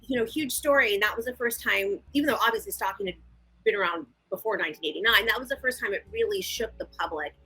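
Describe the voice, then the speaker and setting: A woman guest and victim advocate, telling her story in a frank, animated, conversational interview. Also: on the high side, fast, slightly rough, rough recording.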